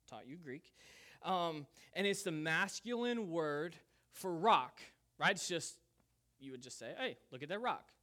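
A man preaching a sermon, casual and conversational, with an animated delivery. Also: a little high. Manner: lively, conversational preaching with Southern "y'all". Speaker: pastor.

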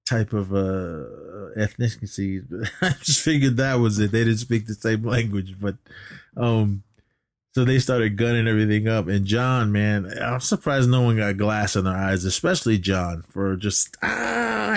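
A man's voice: lowish voice, moderate pace, no room sound, clean studio sound. A man co-hosting a podcast, recapping a movie in a casual, rambling way with lots of fillers and restarts, coughing now and then. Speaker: podcast co-host.

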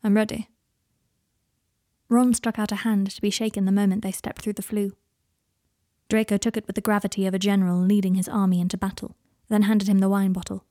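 A woman narrating a story in a gentle, soft reading voice, giving the characters their own voices. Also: mid-range voice, flat delivery, fast, dry recording, studio quality. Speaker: fan fiction reader. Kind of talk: audiobook narration.

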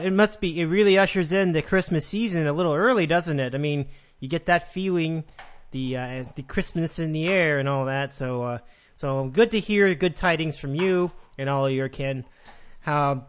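Upbeat higher-voiced male podcast host. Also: fairly bright tone. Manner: chatty, upbeat, laughs easily. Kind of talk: casual sports talk.

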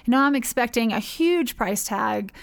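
Talking about how she started her charity, a woman from the United States rambles chattily in a relaxed interview, with lots of fillers and restarts. Her slightly high voice has vocal fry and lively intonation, at a moderate pace.

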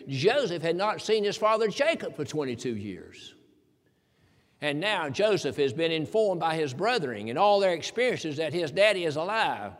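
A man's voice: high-pitched, a bit bright. A man preaching a sermon in a folksy, emphatic way, quoting scripture. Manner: folksy, emphatic preaching with King James quotes. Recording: long hall reverb.

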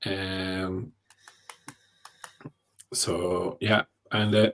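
Male podcast host, lowish voice, rambling and chatty. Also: little pitch movement, extremely slow, a bit bright. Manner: rambling, fills with "do you know what I mean". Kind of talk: casual chat.

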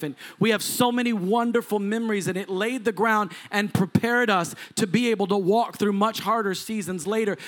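A man in his forties preaching as a pastor, telling a personal story, acting out quoted voices with laughs along the way. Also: high-pitched. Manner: animated, acts out quoted voices, laughs often. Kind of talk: sermon storytelling.

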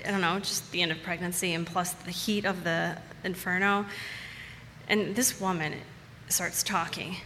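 A woman's voice: on the low side, fairly even intonation, normal speed, bright, forceful tone, big-room sound, slight background noise. A woman telling a personal story to a live audience in a casual, chatty way, repeating words for emphasis.

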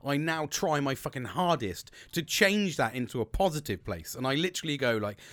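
A man's voice: medium pitch, lively intonation, brisk, fairly bright tone, dry recording. A British man hosting a solo podcast, rambling and upbeat, swearing freely between fillers and restarts. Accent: British English. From Britain. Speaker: podcast host. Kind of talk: casual solo podcast chat.

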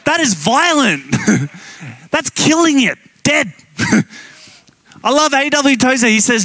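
A man preaching a sermon as guest pastor, telling the story with animated emphasis and frequent laughs. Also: very high-pitched, slow pace, pauses often, no room sound.

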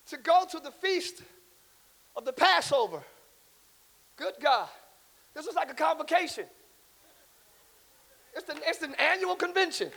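A man preaching a live church sermon, swinging from quiet asides into shouting, calling on the congregation to repeat after him and joking with them. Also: very high-pitched, creaky. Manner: preaches with rising shouts and audience call-and-response. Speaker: pastor. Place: large church hall with congregation.

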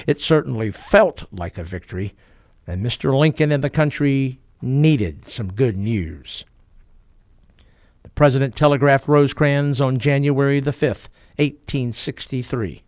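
A man giving scripted historical documentary narration, measured and with dramatic emphasis. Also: medium pitch, no room sound, clean studio sound.

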